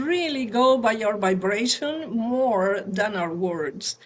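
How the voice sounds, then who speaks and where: A woman co-hosting a spiritual talk on parenting, speaking in a gentle, conversational way over a video call. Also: medium pitch, lively intonation, slow pace. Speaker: satsang co-host and parent.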